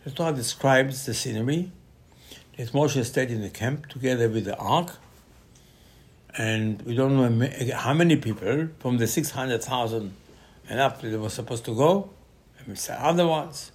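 A man leads a Torah class as lively storytelling. He acts out the quoted voices and breaks into sudden loud bursts. Hebrew terms run through his English, and his voice sits at a middle pitch. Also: normal speed.

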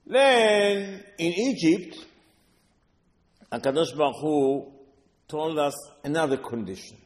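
Rabbi lecturing in a reverberant hall. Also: male voice, fairly high pitch, slow. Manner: animated storytelling, acting out voices of sages. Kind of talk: Torah lecture.

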